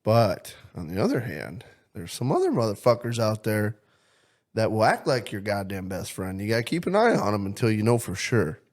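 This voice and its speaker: A young man with a fairly low voice trades crude, profanity-laced jokes with a friend on a casual podcast. He talks loosely and confidently, like he's holding court. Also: sing-song, normal speed. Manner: loud, crude, joking, swears constantly. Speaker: podcast co-host.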